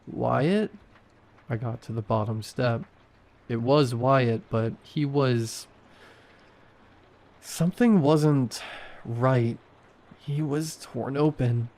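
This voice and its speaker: A man reading a horror story aloud in a slow, measured way. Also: medium pitch, darkish tone. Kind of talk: scripted horror narration.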